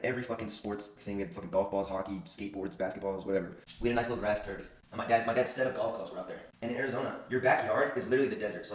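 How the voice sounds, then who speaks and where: A man's voice: fairly low pitch, a bit bright, roomy sound, slight background noise. A young man telling funny stories about his childhood in casual, profane chat. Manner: fast, profane, joking. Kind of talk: casual storytelling monologue.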